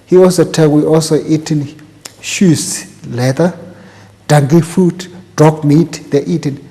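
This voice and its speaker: An older man with a Tibetan accent tells his story in an interview, his English broken and halting as he circles back over his words. His voice sits a little high but sounds mellow. A long reverb trails behind it. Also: fairly even intonation. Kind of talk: oral history interview.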